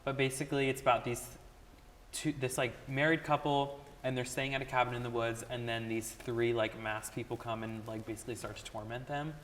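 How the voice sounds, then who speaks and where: A man's voice: mid-range voice, little pitch movement, a little fast, a bit bright. A man co-hosting a casual chat, talking in a chatty way and filling his speech with "like". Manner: chatty, says "like" a lot. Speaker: co-host. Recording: echoey room with faint noise.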